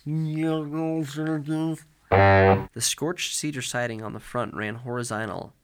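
A man's voice: fairly high pitch, very slow, clean tone. A man co-hosting a comedy podcast, reading erotic fiction aloud, often stumbling over words and breaking into laughter. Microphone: studio mic with headphones.

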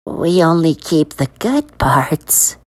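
A woman's voice: sits low, sing-song, slow pace, darkish tone, pitched above the performer's own voice, heavily acted. A woman voicing a sinister little male ice cream man who hisses and teases in a sing-song way. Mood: gloating. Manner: hissing, teasing, sing-song.

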